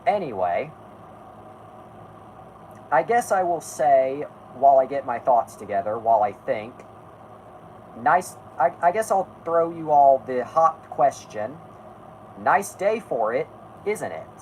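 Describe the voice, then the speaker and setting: A man hosting a relaxed live stream at a middle pitch, his voice rising and falling widely. He talks in a halting, rambling way and keeps restarting his sentences as he chats with the audience and his co-hosts. A faint hum of noise sits behind him. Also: poor audio. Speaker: podcast host. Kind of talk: casual live-stream chat.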